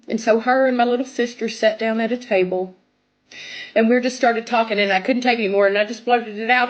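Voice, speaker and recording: A young woman sharing a personal testimony, emotional, her voice climbing high when she recalls her prayers. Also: steady tone, fairly quick. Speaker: testimony speaker. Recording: dull lo-fi sound.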